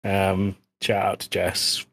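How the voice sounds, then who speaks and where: Low-voiced British man, joking podcast host. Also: monotone, slow pace, vocal fry, a bit bright. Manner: joking, rambling. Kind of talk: casual comedy chat.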